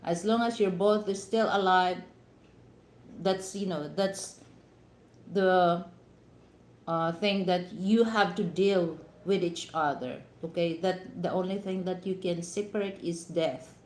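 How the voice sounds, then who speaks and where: Filipino-accented woman vlogger, slow and chatty, advising viewers, roomy echo. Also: fairly low pitch, darkish tone. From Philippines. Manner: advising, heavy "you know" fillers. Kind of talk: casual live-stream talk to viewers. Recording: echoey room.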